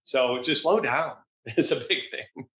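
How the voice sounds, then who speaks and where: Guy coaching folks on a podcast, bright punchy voice, kinda roomy echo, muffled sound. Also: mid-range voice, slow. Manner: upbeat, motivational, restarts phrases. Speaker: guest business coach. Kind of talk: casual interview talk. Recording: echoey, dull lo-fi sound.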